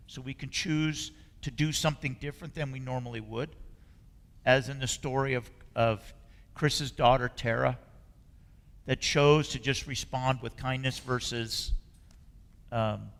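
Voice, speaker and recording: A man preaching a sermon as a spiritual leader. He talks in an earnest, conversational way and often lets phrases trail off softly. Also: medium pitch. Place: church sanctuary. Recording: long reverb of a hall.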